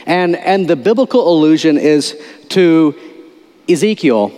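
A man preaching a conversational sermon in a church, his voice sitting a touch high for a man. He talks loosely, restarting phrases and firing questions at the congregation. A long reverb from the hall trails behind his words. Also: expressive, unhurried, mellow. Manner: informal, repeats words, quizzes the audience. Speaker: pastor.

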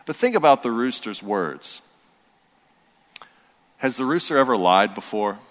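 Man, pastor, thirties, mid-pitched voice, chatty sermon storytelling, long hall reverb. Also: big pitch swings, a little slow, a bit bright. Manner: conversational storytelling, building to earnest emphasis.

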